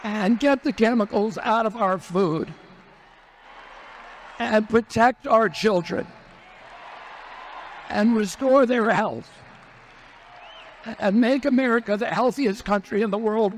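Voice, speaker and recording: A man's voice: sits high, slow, pauses often, a faint crowd, a little hiss or hum. A man giving a rally speech built on repeated rhetorical questions. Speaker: speaker at a political rally.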